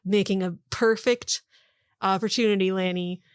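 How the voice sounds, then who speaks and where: A woman narrates a fantasy tabletop game as its game master. Her voice sits at an ordinary middle pitch, and her storytelling is relaxed and often broken by small laughs. The sound is close and dry. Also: moderate pace, clean tone, no echo. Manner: easy narration with frequent laughs.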